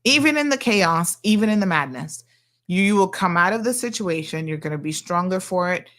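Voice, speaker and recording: A middle-aged woman, hosting a talk show and telling a story in a chatty, animated way. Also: fairly low pitch, a little fast. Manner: chatty and animated, acting out quoted people. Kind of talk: casual storytelling monologue.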